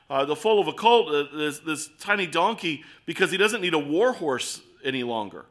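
A man's voice: a little high, pushed and bright. A man preaching an earnest sermon, telling stories and asking his listeners rhetorical questions. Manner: storytelling.

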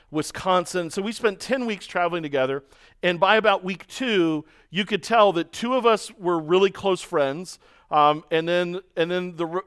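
High-voiced pastor preaching. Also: male voice, clean tone. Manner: storytelling, animated, mimics voices in quotes. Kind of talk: sermon.

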